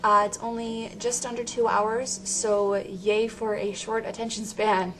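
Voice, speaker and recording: A woman's voice: fairly high pitch, flat delivery, a little slow, a bit bright, slight background noise. Rambling casual woman reviewing a movie. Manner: rambling, self-interrupting, laughs often.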